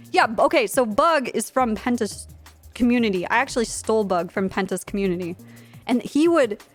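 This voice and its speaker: A woman streamer in her twenties tells a blunt, profane, rambling story, full of fillers, in casual chat. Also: fairly high pitch. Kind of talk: casual storytelling while live streaming a game.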